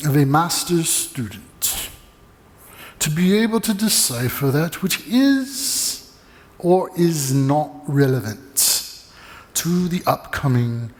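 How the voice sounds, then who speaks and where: Man imitating a stern older Scottish lecturer: dry, formal, deliberate, rough Scottish accent, long church echo. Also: fairly high pitch, expressive. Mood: stern, cutting. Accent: put-on Scottish, admittedly poor. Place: church sanctuary.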